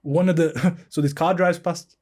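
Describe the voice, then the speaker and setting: Guy in his 30s on a podcast, warm mellow voice, chatty and laughing through his story. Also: fairly high pitch, moderate pace. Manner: animated, laughing anecdotes. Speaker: podcast guest. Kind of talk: casual storytelling.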